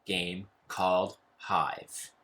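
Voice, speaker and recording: A man's voice: sits low, flat delivery, drawn-out words, sharp tone. A man co-hosting a casual board game chat, easygoing and curious as he explains games. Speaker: board game channel co-host.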